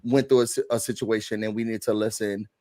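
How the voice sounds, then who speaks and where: A man hosting a live recap panel, retelling a reality show episode in casual, animated chat and acting out quotes from the cast. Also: fairly low pitch, fast, rough recording. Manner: animated, quotes cast members in put-on voices.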